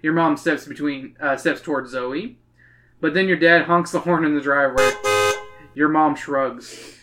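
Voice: medium pitch, a little slow, fairly bright tone. A host reading a gamebook aloud, adding casual joking asides. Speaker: reader and host. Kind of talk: reading a book aloud with jokes.

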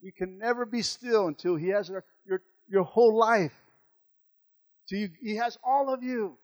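A man preaching a sermon as pastor, impassioned, dropping soft and then building loud, often repeating words. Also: high-pitched, normal speed, low-quality recording. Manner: repeats words and restarts phrases.

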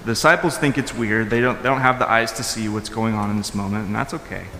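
A male pastor giving a conversational sermon. He talks informally with fillers and restarts, and swings from loud, high emphasis to soft, low asides. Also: fairly even intonation, fast talker, a little hiss or hum. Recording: echoey hall with long reverb.

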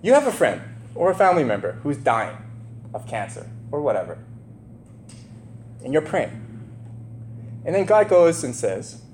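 A man giving a conversational sermon, animated, questioning his listeners and acting out the people in the story. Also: fairly high pitch, moderate pace, pauses often. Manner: animated, asks the listeners questions, acts out quotes. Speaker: preacher. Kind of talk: conversational sermon, Bible teaching. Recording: roomy echo with faint hum.

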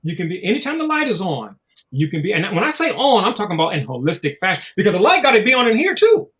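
A middle-aged man talking in a loose, casual conversation. His pitch swings widely as he tells stories, drops into slang and swearing, and mimics the people he quotes. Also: quick pace. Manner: animated storytelling, slangy and profane, acts out voices.

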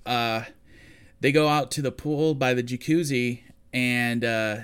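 A man's voice: mid-range voice, measured pace, smooth. A man co-hosting a podcast, casually recapping a film plot and acting out quoted lines. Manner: animated retelling, acts out quoted lines. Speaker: podcast co-host. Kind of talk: casual movie recap chat.

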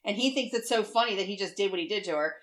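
Animated chatty woman telling stories. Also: medium pitch, rapid-fire. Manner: animated storyteller, acts out quoted voices, swears freely. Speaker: co-host. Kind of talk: casual chat.

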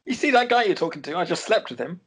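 A man putting on a smug, high-voiced young woman. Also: lively intonation, fast, fairly bright tone, slightly rough, heavily acted. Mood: smug taunting.

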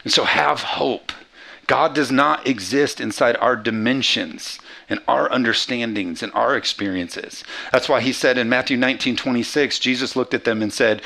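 A man preaching a lively sermon with a gravelly edge in his voice. His tone is bright and forward, and he slips into quick back-and-forth dialogue to act out the scenes he retells. He keeps pressing the congregation with questions. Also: medium pitch. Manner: animated preaching, acting out Bible characters in quick dialogue. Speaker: pastor.

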